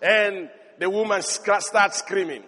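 A man preaching a sermon, telling the story with animation and building to emphatic shouts. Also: sits high, unhurried. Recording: long hall reverb.

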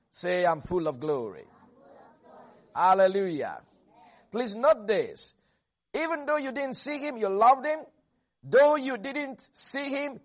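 High-voiced man preaching a sermon. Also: expressive, measured pace, lo-fi sound. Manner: emphatic, calls on congregation to repeat phrases.

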